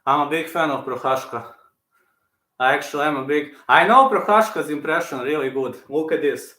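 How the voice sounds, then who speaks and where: A man's voice: a little high, normal speed, sharp tone. A man hosting his channel in casual live-stream chat, answering viewers and often repeating himself. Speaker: channel host. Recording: roomy echo.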